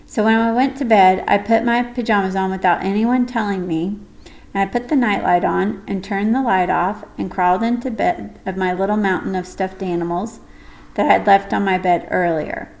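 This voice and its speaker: Gravelly woman narrating an audiobook. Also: mid-range voice, steady tone, normal speed, a little mellow, rough recording. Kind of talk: first-person audiobook narration.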